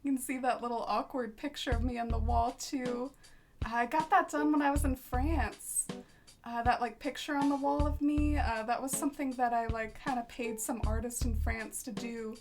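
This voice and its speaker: High-voiced young woman cooing at her cat. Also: steady tone, moderate pace. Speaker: streamer. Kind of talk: casual livestream chat. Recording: music playing behind.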